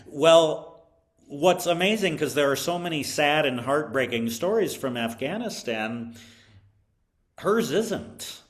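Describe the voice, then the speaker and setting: A man interviewed about his time as a violin teacher, telling stories thoughtfully, with frequent pauses, fillers and restarts. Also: fairly high pitch, expressive. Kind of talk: reflective interview storytelling.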